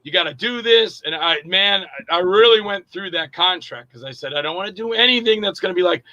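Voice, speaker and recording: A man's voice: high voice, fairly quick, hardly any pauses, no echo, muffled recording. A middle-aged man, an actor and director, casually telling stories in an interview and acting out quoted dialogue with plenty of fillers. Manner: animated, acts out quoted dialogue, frequent fillers.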